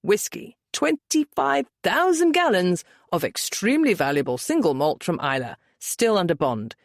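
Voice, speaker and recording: Dry-witted young brother, woman narrator barely shifting, sardonic and quick. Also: on the low side, very animated, no room sound. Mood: wry. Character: wry young brother, dryly joking.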